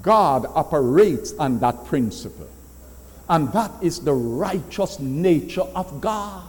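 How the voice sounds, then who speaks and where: A man preaching a sermon, emphatic, repeating words and slowing down to stress phrases. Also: high voice, fairly bright tone, in a large hall.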